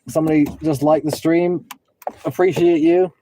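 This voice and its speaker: A man's voice: fairly high pitch, fairly even intonation, normal speed, warm tone, a little hiss or hum. A man in his twenties, rambling casually to viewers of a livestream from his car. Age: 20s. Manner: rambling, talks to chat viewers, breaks into singing. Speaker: livestreaming rideshare driver.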